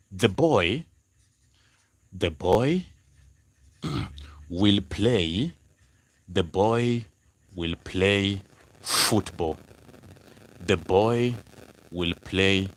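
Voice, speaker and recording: A man tutoring German in a live online lesson, explaining slowly and repeating examples, greeting viewers by name. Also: deep voice, fairly bright tone, dry recording. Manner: slow, repetitive explaining, spelling out words, greeting viewers.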